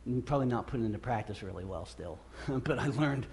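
A man's voice: medium pitch, animated, fairly quick, a little mellow. A man in his thirties preaching a sermon, earnest and conversational, often repeating phrases for emphasis. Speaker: pastor.

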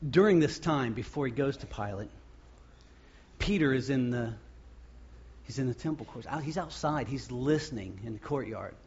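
A man preaching a sermon as pastor, acting out the crowd's shouts and the quoted words. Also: medium pitch, expressive, moderate pace, breathy edge, lo-fi sound.

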